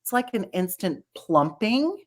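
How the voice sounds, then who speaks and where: A woman chatting casually about beauty products, animated, laughing often and restarting her sentences. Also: mid-range voice, unhurried. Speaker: brand representative.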